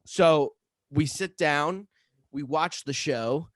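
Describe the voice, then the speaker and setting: A man's voice: on the high side, slow pace, dry recording. A young man co-hosting a podcast, telling a long story in casual chat with lots of swearing. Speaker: podcast co-host.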